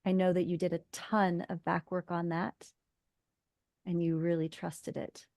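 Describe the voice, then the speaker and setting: A woman's voice: lowish voice, flat delivery, measured pace, gravelly, a little mellow, dry recording, clean studio sound. A woman acting coach giving direct, instructive feedback to students in class.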